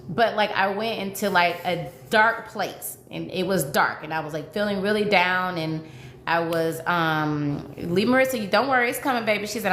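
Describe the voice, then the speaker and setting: Lowish-voiced woman coach chatting on a livestream, gets emotional, repeats herself, roomy echo. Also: normal speed, fairly bright tone. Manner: emotional, repetitive, pleading. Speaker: dating coach. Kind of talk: livestream chat with viewers. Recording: echoey room with faint noise.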